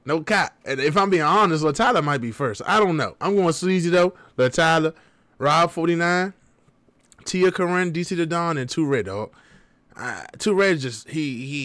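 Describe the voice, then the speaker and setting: Young male reaction vlogger, slangy and lively, slightly high voice, dry close sound. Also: normal speed, no room sound. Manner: slangy, animated, talks straight to viewers. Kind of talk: casual reaction commentary.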